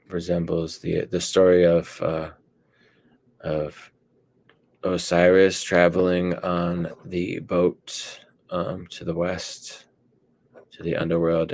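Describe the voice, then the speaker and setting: A man speaking as a panelist in a casual discussion, hesitant and pausing often with fillers. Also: low voice, vocal fry, a little mellow. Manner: hesitant, many fillers and pauses.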